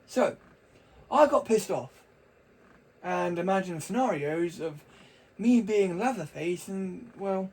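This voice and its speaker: A man's voice: high-pitched, expressive, takes it slowly, darkish tone, husky, low-quality recording. A young man talking casually to camera, rambling and chatty with frequent restarts. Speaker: vlogger.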